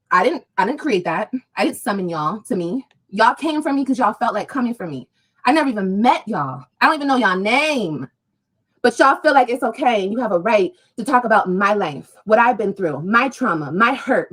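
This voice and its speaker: A woman's voice: fairly high pitch, animated, brisk, breathy edge, low-quality recording. A woman ranting on a livestream, confrontational, profane and mocking, speaking straight to her viewers. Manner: addresses viewers directly.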